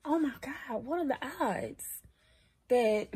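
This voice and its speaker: A woman's voice: high-pitched, expressive, takes it slowly, mellow, husky, dry recording. A woman telling a heartfelt story in a casual vlog, speaking into a phone from a parked car. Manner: earnest, heartfelt, rambling. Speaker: vlogger. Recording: car noise in background.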